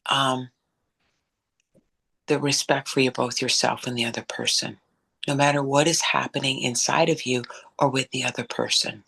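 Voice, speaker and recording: Calm, thoughtful woman co-host. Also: very deep voice, vocal fry, breathy edge. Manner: thoughtful, measured, spiritual vocabulary. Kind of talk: reflective conversational talk.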